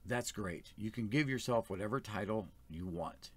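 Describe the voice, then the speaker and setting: A man's voice: on the low side, normal speed. A man speaking as first elder of a small church, giving an earnest, plain-spoken sermon.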